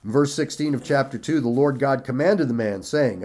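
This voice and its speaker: A man preaching a sermon, slow and emphatic, stressing and repeating key phrases while reading scripture aloud. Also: mid-range voice, a little mellow. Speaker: pastor.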